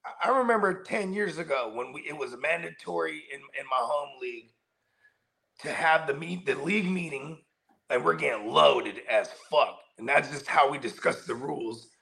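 A man's voice: on the high side, normal speed, vocal fry, bright, forceful tone. A man co-hosting a casual fantasy football show, talking in laid-back slangy banter. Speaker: co-host. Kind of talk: casual podcast chat.

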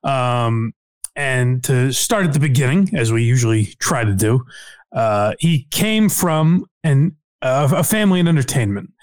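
A man hosting a podcast in casual chat, hesitant, with many fillers and sudden upward pitch jumps. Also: animated, unhurried, smooth, dry recording. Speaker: podcast host.

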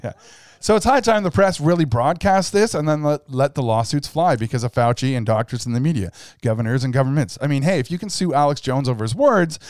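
A man's voice: fairly high pitch, lively intonation, fairly quick, no echo, clean studio sound. A man co-hosting a podcast in casual chat, laid-back and agreeable, laughing often. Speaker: podcast co-host.

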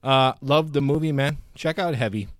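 A man's voice: medium pitch, normal speed, no echo, clean studio sound. A man co-hosting a podcast, chatting loosely about films and swearing freely. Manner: loose, swears a lot, lively. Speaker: podcast co-host. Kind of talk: casual movie chat.

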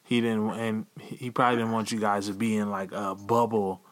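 A man's voice: lowish voice, little pitch movement, normal speed. A man hosting a casual podcast interview, laid-back, with short affirmations and follow-up questions. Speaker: podcast host.

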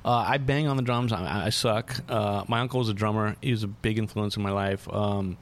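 A man's voice: lowish voice, fairly even intonation, brisk. Profane rambling man telling stories. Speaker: artist guest. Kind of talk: casual storytelling.

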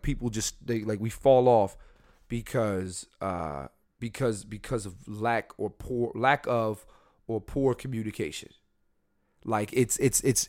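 A man hosting a casual solo podcast from a room at home, blunt and profane, often repeating himself and restarting as he talks straight to his listeners. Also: on the low side. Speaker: podcast host. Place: home room near a window.

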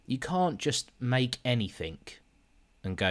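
A man's voice: medium pitch, sing-song, unhurried. A man co-hosting a casual film review podcast, talking in a dry, sarcastic way with plenty of swearing. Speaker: podcast co-host.

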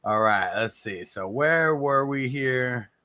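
A man hosting a casual live stream, answering viewers and giving hyped shout-outs. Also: medium pitch, lively intonation, slow. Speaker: livestream host.

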